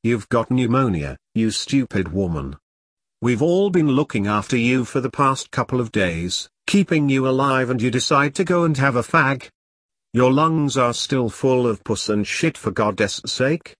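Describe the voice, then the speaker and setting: A man's voice: mid-range voice, animated, unhurried, a bit bright, no room sound, clean studio sound. A man reading a blunt, scolding soldier. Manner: scolding, swearing. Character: blunt protective male soldier, gruff and caring.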